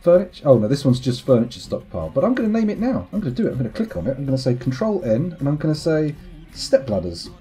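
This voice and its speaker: A man's voice: medium pitch, very animated, fast, mellow, faint music behind. A young British man streaming a game, rambling and joking at his own expense in casual commentary. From United Kingdom. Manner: rambling, self-mocking, joking. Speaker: live streamer.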